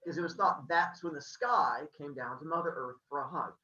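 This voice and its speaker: A man's voice: on the high side, fairly quick, roomy sound, distant mic, highs cut off. A man, a teacher, casually retelling a myth to a class with jokes. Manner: lively, joking retelling.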